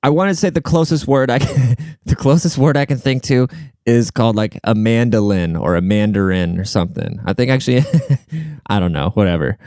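A man's voice: medium pitch, fairly quick, darkish tone, smooth, no room sound, clean studio sound. A young man ranting casually, profane, sarcastic and rambling, stopping to look things up as he talks. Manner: looks things up mid-talk. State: short of breath at times. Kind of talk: casual rant.

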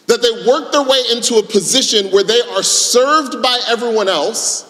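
A man's voice: high voice, normal speed, fairly bright tone, in a large hall. A man preaching a sermon in a conversational storytelling manner, acting out the voices in his story. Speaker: pastor.

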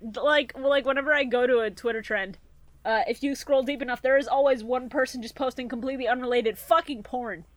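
A woman co-hosting a casual comedy podcast, profane and exasperated, breaking into loud outbursts. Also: sits high, steady tone, brisk, dry recording. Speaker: podcast co-host.

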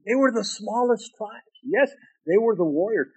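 A man preaching a sermon, reading scripture aloud and musing on it in deliberate asides. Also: high-pitched, slightly rough. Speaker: pastor.

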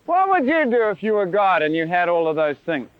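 A man preaching a sermon in an animated, playful way, with sound effects, in a lo-fi recording. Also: high-pitched, a little fast, clear, resonant tone, no room sound.

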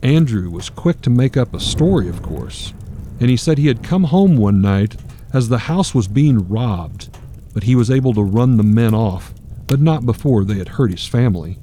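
A man narrating a dark story in a measured, grave manner. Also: mid-range voice, expressive, a little hiss or hum.

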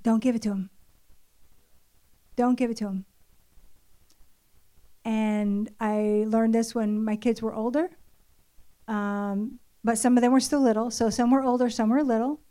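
An older woman shares a personal story from the pulpit in an earnest, confessional sermon style. Her voice sits a little high and her talk stays loose and conversational, full of little fillers as she recounts home life. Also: steady tone, measured pace, pauses often, dark tone. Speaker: church speaker.

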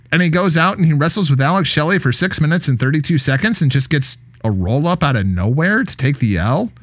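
Animated, profane male podcast host. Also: on the high side, dry recording. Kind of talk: casual wrestling podcast chat with ad read.

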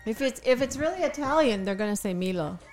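A woman co-hosting a morning radio show in casual chat, candid and quick to laugh. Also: fairly high pitch, lively intonation, faint music behind. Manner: chatty, candid, laughs easily.

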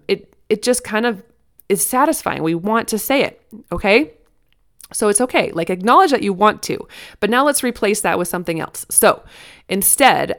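Earnest, smooth-voiced woman giving parenting advice. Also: mid-range voice. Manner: earnest, chatty, many restarts and fillers. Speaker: parenting podcast host. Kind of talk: casual advice talk.

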